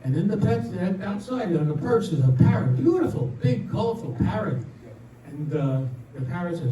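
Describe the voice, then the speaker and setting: An older man does stand-up style jokes in the community room of a senior residence, very animated in a high voice at a moderate pace. Chatty, he builds to each punchline and laughs along, recorded from a distance in an echoey, noisy room.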